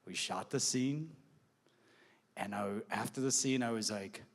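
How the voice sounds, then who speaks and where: A man's voice: medium pitch, a little slow, creaky. A man telling a personal story on stage, acting out quoted dialogue and laughing as he goes. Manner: animated, acts out quoted dialogue, laughs often.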